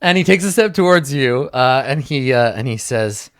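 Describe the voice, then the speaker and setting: A man's voice: mid-range voice, lively intonation, moderate pace, hardly any pauses, fairly bright tone. A man narrating a tabletop game as game master, rambling and hesitant, full of fillers.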